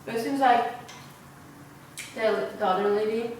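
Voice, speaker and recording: A woman's voice: a little high, a little slow, recorded from a distance. A young woman vlogger telling a casual story while eating, rambling with lots of "like" and "you know" fillers. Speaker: mukbang vlogger. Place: large, sparsely furnished new apartment room. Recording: very echoey room, voice off-mic, faint hiss.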